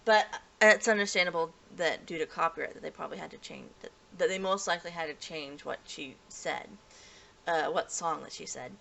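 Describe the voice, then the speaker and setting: A woman's voice: sits low, a little fast, gravelly, a bit bright. A woman giving a casual, rambling episode review, restarting sentences often and laughing lightly. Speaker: anime reviewer.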